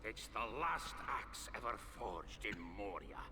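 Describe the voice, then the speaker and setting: A man voicing a proud, gruff male dwarf warrior in a game cutscene. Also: on the low side, big pitch swings, a little slow, a crowd in the background.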